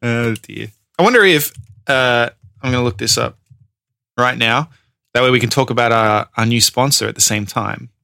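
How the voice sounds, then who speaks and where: A man co-hosting a podcast in casual chat, animated, laughing often and swearing freely. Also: medium pitch, moderate pace, gravelly, clean tone, dry recording, clean studio sound. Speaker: podcast co-host.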